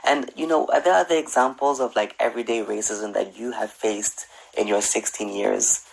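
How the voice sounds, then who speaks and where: A man interviewing for a broadcast news story, asking steady, measured questions. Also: fairly low pitch, creaky, low-quality recording.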